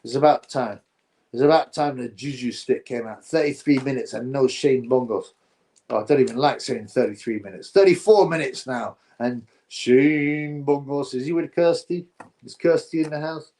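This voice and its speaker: A man hosting a live stream, chatting to viewers and reacting excitably to a fight. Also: medium pitch, normal speed. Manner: chatty, excitable, slangy, talks to chat viewers.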